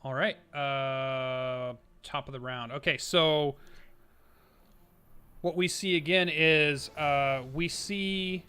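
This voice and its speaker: A man's voice: a little high, slow pace, clear, resonant tone. A man acting as dungeon master, narrating the scene and calling turns in a tabletop game. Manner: descriptive, calmly narrating scenes.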